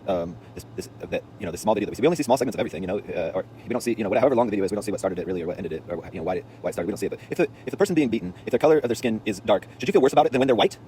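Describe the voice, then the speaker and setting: A man's voice: on the low side, expressive, very fast, mellow, slight background noise. A man telling a story in a casual, rambling, slangy monologue, intense in delivery, recorded outdoors on a city street.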